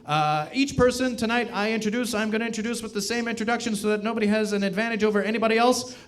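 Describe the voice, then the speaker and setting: A man's voice: sits high, fast. A Canadian man doing sarcastic stand-up and hosting a talent show on a theater stage, slipping into voices in his stories. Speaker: host and stand-up comedian. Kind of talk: stand-up comedy and emceeing. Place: theater stage with live audience.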